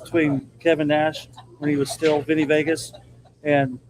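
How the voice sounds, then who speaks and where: A man's voice: fairly high pitch, little pitch movement, normal speed, slight background noise, poor audio. A man who does wrestling commentary, telling stories and reminiscing in casual chat. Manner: storytelling, reminiscing. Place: busy pizzeria. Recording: crowd chatter behind.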